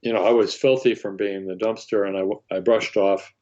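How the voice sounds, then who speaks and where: An older man, a guest in an interview, telling a long anecdote in a halting way, full of fillers and restarts. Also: fairly low pitch, fairly even intonation, darkish tone. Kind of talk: anecdotal storytelling. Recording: muffled lo-fi audio.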